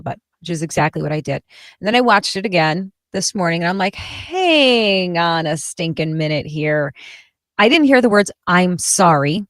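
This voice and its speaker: A woman hosting a political talk show, speaking bluntly and sarcastically with animated emphasis. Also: medium pitch, no room sound. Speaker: host.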